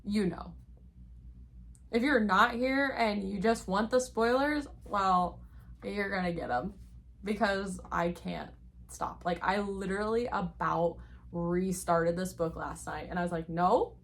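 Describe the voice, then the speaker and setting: Slow, gushing woman book reviewer. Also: medium pitch, fairly bright tone. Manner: gushing, rambling, full of "like" fillers. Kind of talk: casual spoiler book review.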